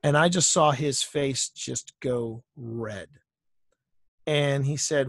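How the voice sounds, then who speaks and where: A man's voice: mid-range voice, takes it slowly, vocal fry, fairly bright tone, dry recording, clean studio sound. A male guest on an interview podcast, telling workplace anecdotes in a casual way and often repeating phrases for emphasis. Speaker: author and entertainer guest.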